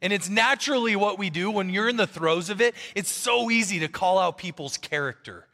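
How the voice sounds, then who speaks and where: A man preaching a sermon as pastor, animated and conversational, acting out quotes from the people in his stories. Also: high-pitched, brisk, big-room sound.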